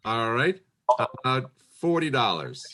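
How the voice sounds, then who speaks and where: A man's voice: mid-range voice, sing-song, fairly bright tone. A man running a virtual fundraising auction, calling bids with friendly asides. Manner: brisk calls with friendly asides.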